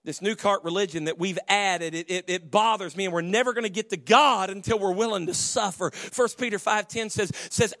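A middle-aged man, preaching a sermon in church, moving between loud shouted preaching and quiet storytelling. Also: sits high, brisk, few pauses, no room sound. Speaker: pastor.

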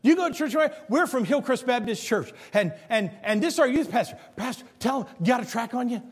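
A man preacher voicing a frail, gravely ill older churchman who stays cheerful and eagerly invites everyone to church. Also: very high voice, expressive, fast, pitched above the performer's own voice, full character voice.

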